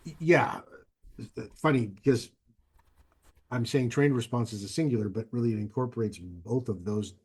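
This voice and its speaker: A man co-hosts a relaxed podcast conversation in a mid-range voice. He reasons out loud in long, winding sentences with the odd filler word. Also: mid-range voice, normal speed, long pauses, husky. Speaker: co-host. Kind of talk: casual podcast chat.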